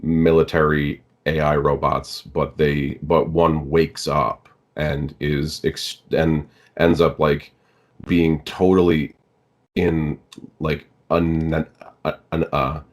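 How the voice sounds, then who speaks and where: Man, very low voice, podcast guest, stammering starts, casual swearing. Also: level tone, slow. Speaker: guest actor and audiobook narrator.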